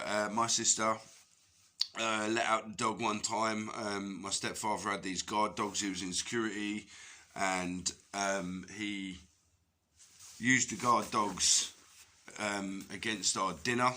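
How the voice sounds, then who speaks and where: Man, lowish forceful voice, rambling swear-laden personal monologue, raw and emotional. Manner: raw, heavily profane, emotional outbursts. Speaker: tarot reader.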